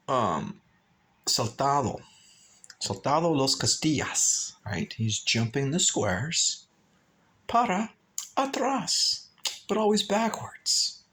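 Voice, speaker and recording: A man's voice: mid-range voice, fairly bright tone. A man on a pilgrimage talking to his phone camera in a hotel room, rambling and emotional as he thinks aloud. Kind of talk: rambling vlog monologue.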